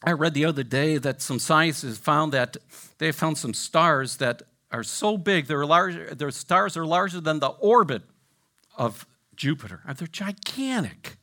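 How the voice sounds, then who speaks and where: Animated preacher, loud to near-whispers. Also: male voice, a little high, a little slow. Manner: dramatic swings from loud exclamations to hushed near-whispers; repeats "right?" and "I mean" to engage listeners. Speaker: pastor. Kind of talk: sermon.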